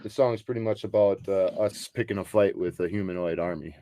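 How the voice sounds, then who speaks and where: A man in a band rambles through an explanation with plenty of filler words. His voice sits low. The recording is dry and close. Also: brisk, mellow, dry recording. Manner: rambling, many ums and uhs. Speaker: band member. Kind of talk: casual interview chat.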